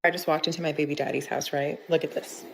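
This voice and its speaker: Agitated woman, low gravelly voice. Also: flat delivery, fast talker, low-quality recording. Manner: agitated, shrieking at times. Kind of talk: phone video rant.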